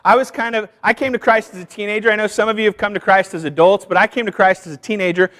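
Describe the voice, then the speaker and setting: A man's voice: high voice, steady tone, quick pace, fairly bright tone. A middle-aged man preaching a sermon as pastor, telling personal stories, acting out voices and calling out to the congregation for responses. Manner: storytelling, calls out to the congregation; acts out voices in anecdotes. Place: church sanctuary. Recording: long reverb of a church hall.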